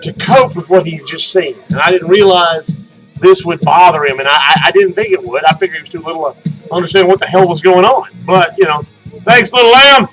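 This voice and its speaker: A middle-aged man hosting his own podcast, telling a rambling personal story with frequent profanity and loud outbursts. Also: fairly high pitch, brisk, faint music behind, poor audio. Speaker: podcast host. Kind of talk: casual monologue podcast.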